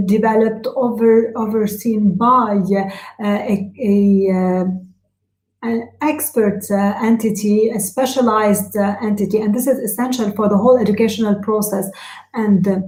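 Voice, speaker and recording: A woman interpreting a webinar live, in a halting delivery full of filler sounds and restarts. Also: a little high, warm tone, echoey room, rough recording. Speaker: simultaneous interpreter.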